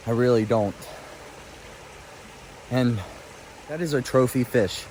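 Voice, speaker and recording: Standing in a flowing stream, a fly fishing vlogger records an emotional outdoor vlog on his phone, breathless, excitable and overwhelmed. His middling-pitched voice is slow yet keeps tumbling over itself, with faint water noise running quietly behind him.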